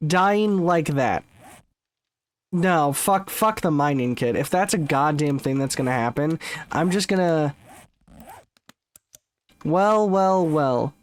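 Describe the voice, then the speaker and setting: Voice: mid-range voice, animated, measured pace. A gaming streamer giving let's-play commentary, swearing often and ranting in exasperation.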